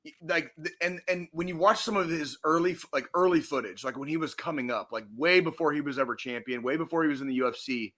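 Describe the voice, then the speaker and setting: A man's voice: on the high side, quick pace, fairly bright tone. Angry swearing male podcast host. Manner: angry, profane, emphatic. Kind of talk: heated podcast rant.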